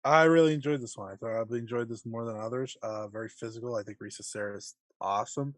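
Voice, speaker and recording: A tired, yawning man co-hosting a wrestling podcast, recorded close on a dry, deadened mic. He jumps into emphatic bursts, then sinks back into sleepy mumbling. His pitch sits mid-range for a man. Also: quick pace, no room sound. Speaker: podcast co-host. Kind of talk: casual wrestling podcast chat.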